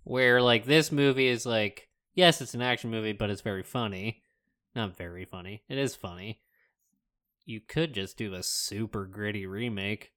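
A man's voice: on the low side, moderate pace, a bit bright. A young man co-hosting a podcast in casual chat, enthusiastic and talking himself into his own ideas. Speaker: podcast co-host.

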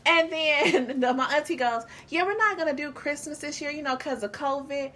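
A woman, co-hosting a casual chat and telling animated stories. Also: high voice, normal speed. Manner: animated storyteller, acts out quotes loudly.

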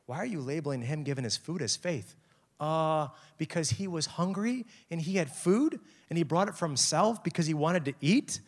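An energetic young man delivering a youth sermon, his pitch leaping around as he acts out little scenes and jokes. He preaches casually and lets his voice jump high for effect. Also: normal speed. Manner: animated, jokey, acts out quotes with big pitch swings. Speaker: youth pastor. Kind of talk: lively sermon.

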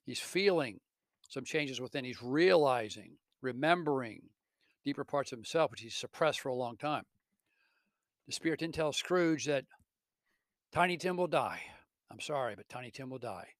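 Male teacher type, earnest story retelling, mid pitch, dry close mic. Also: lively intonation, moderate pace, long pauses, dry recording. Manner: earnest, with self-corrections.

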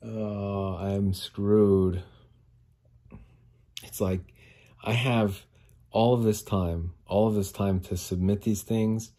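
Male podcast host with a dark, mellow, low voice; rambling, profane, out-of-breath rant. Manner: frustrated, swearing, rambling. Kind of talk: casual solo rant.

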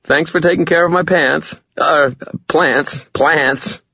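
Raised high and light, this brisk, cheerful woman cop chatters through a phone message, as a man puts her on. She sounds husky and a little muffled, with the lively lilt of someone happy about a trip. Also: no echo, exaggerated voice.

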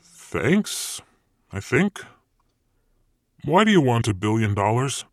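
Man playing a gruff, sardonic devil. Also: mid-range voice, sing-song, slow pace, no echo, clean studio sound. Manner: blunt, terse, sardonic. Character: gruff, exasperated male devil.

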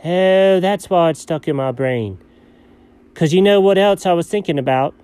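A man playing a scatterbrained, excitable male buddy in comedy banter, jumping between low mumbles and sudden high yelps. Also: normal speed, clean tone, close to an everyday voice. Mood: goofy. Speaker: co-host.

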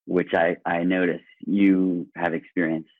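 A man's voice: deep voice, level tone, a little slow, no room sound. A man speaking as a podcast guest in casual conversation, earnest and enthusiastic, often restarting his sentences. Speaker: guest, speaker and workshop presenter. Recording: tinny phone-like line.

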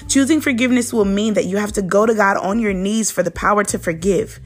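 A woman's voice: medium pitch, brisk, slightly rough. A woman hosting a daily devotional, teaching in an earnest, conversational way and speaking straight to the listener. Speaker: devotional host.

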